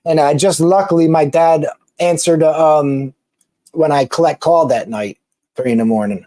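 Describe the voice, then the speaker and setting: Halting Philly man on a live stream. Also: a little high, warm tone, dry recording. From Philadelphia. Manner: rambling, halting, with many restarts and laughs. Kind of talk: casual live-stream chat reading comments.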